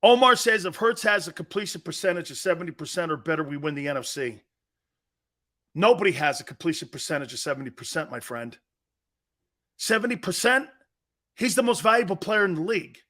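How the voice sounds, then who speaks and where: A man's voice: a little high, expressive, fast talker, sharp tone. A man hosting a live sports talk show, brash and trash-talking, reading out listener comments and laughing often.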